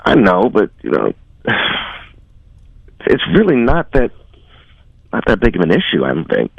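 A man on a radio call, speaking in a halting, defensive, dismissive way. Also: fairly low pitch, huge pitch swings, vocal fry, slightly rough, no echo, highs cut off. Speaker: caller on a radio segment. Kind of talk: on-air phone conversation.

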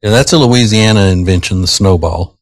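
A radio host man chats loosely, wandering through his thoughts. His voice sits on the low side. It comes across dry and close on a studio mic. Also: brisk, no echo. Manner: rambling, chatty with fillers. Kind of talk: casual radio banter.

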